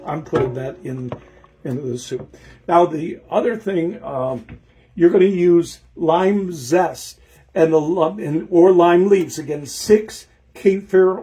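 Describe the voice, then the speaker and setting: A man's voice: a little high, slow, mellow. A man hosting a home cooking show, talking through a recipe in a rambling way while he cooks in his kitchen and often loses track of the next step. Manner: rambling, talks to himself while cooking, forgets steps. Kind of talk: casual cooking demonstration.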